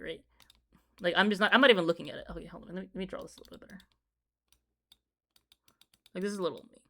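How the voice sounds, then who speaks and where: Rambling, profane young man telling a story. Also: high voice. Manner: rambling, profane, gets loud and excited. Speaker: video creator. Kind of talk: casual storytelling while drawing.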